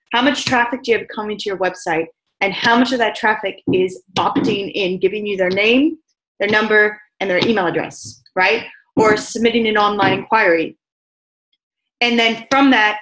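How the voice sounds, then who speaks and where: A woman coaches a room on sales in a brisk, emphatic way, hammering each point home with repetition. Her voice sits at a middle pitch. The sound carries a noticeable roomy echo. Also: fairly bright tone. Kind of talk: business training talk.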